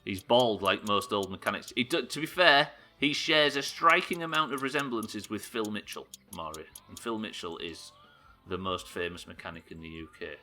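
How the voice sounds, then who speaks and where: A man's voice: on the low side, moderate pace, pushed and bright, faint music behind. A man chatting casually while playing a game on a live stream, swearing and joking as he plans each move. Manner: sweary, joking, thinking aloud. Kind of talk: casual gameplay commentary.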